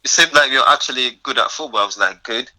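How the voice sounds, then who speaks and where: A young man from Africa, a podcast guest, telling his life story in a casual, animated way and acting out the dialogue. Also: mid-range voice, a little fast, low-quality recording. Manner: animated, acts out quoted dialogue, frequent laughs.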